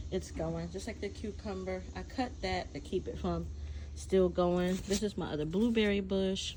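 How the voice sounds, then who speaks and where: A woman's voice: on the low side, slight background noise, poor audio. Chatty woman touring her garden outdoors. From New Jersey. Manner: chatty, excitable, says y'all often. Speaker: vlogger. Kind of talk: casual garden tour vlog.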